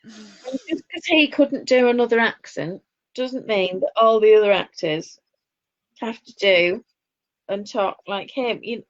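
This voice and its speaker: A woman's voice: on the high side, a little slow, no echo. A woman with a Northern English accent co-hosting a casual chat, opinionated and chatty with laughing asides. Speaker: podcast co-host. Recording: dull lo-fi dry sound.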